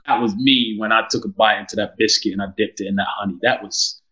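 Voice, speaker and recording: A man from London, a podcast guest who tells lively stories and laughs often. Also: fairly low pitch, quick pace, poor audio. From London, England. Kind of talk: casual interview chat.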